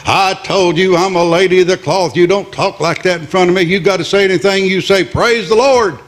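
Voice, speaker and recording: A man's voice: on the high side, animated, moderate pace, lightly acted. A man voicing an indignant young nun who scolds in a prim way, told inside a joke on stage. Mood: scolding.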